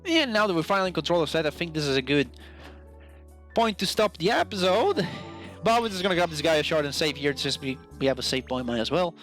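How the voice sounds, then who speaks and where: A man hosting a let's play, talking casually and relaxed about gameplay. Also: on the high side, very fast, few pauses, faint music behind. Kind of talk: gameplay commentary.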